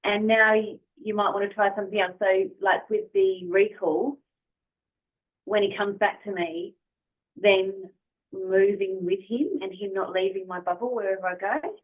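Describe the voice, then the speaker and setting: A woman's voice: medium pitch, measured pace. A woman with an Australian accent, a podcast guest talking about her dog in a friendly, enthusiastic way. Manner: friendly, enthusiastic, soft-spoken. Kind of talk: casual interview chat. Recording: phone-like remote call audio.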